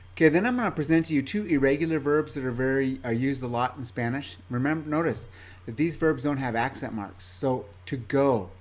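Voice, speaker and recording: A male teacher giving a recorded class presentation, patiently drilling word lists slowly and clearly into his own microphone. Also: mid-range voice, darkish tone. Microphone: own microphone in front of him.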